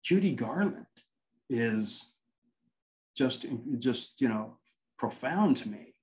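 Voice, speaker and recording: A man's voice: mid-range voice, lively intonation, slow, poor audio. A man, a paranormal investigator, telling anecdotes in a casual interview, rambling and acting out quoted dialogue.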